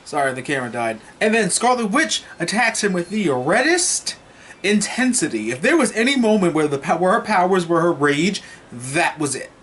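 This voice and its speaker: A man recapping a film in a casual, excited, profane and rambling way as a movie reviewer. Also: high-pitched, moderate pace, a little hiss or hum.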